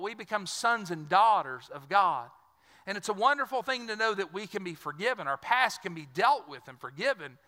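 Brief: earnest storytelling preacher, man, high voice, long church reverb. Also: pushed and bright. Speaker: pastor. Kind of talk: sermon. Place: church sanctuary.

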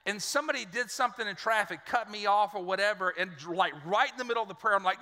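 A man's voice: high voice, fast, few pauses, bright, forceful tone. A middle-aged male pastor preaching a sermon in a church auditorium, a folksy storyteller who jokes with the congregation. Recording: long church reverb.

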